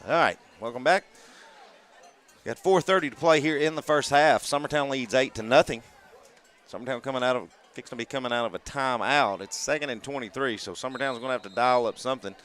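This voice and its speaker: A man, calling a high school football game play by play in a brisk, running style. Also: fairly bright tone. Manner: brisk, calling plays as they unfold. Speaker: play-by-play announcer.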